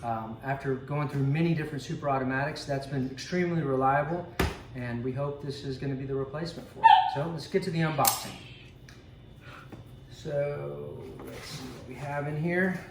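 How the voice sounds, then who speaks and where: A man's voice: medium pitch, moderate pace. A man chatting casually with frequent ums and asides as he unboxes a coffee maker at home. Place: home room with a dog. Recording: echoey room, distant mic, noisy background.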